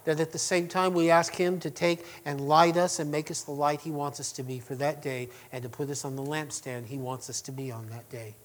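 A man preaching a sermon to his congregation, chatty and full of asides, who swings between loud emphatic passages and quiet, hushed lines. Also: a little high, a little hiss or hum. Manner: conversational with restarts and asides to the congregation. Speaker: pastor.

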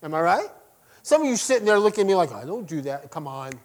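High-voiced man preaching a sermon. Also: sing-song, quick pace. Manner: dynamic preaching, shifts between loud emphasis and soft quiet lines; asks the congregation questions directly. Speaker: pastor.

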